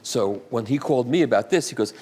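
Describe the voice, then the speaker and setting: A mid-pitched man talks casually to a live audience. He rambles and restarts, adding asides as he goes. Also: expressive, fast, darkish tone, a little hiss or hum. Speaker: guest speaker at a live audiophile talk. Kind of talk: casual talk answering audience questions. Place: hall at a live event.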